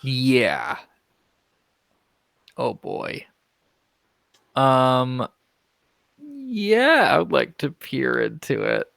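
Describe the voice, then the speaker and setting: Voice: mid-range voice, very animated, extremely slow, gravelly, pauses often, a bit bright, dry recording, studio quality. A player in a tabletop game, talking casually and hesitantly.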